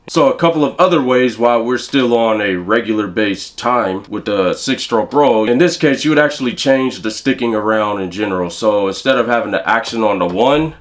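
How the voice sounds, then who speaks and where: A man's voice: mid-range voice, normal speed, noisy background. A man teaching a drum lesson, explaining rudiments casually and counting rhythms aloud.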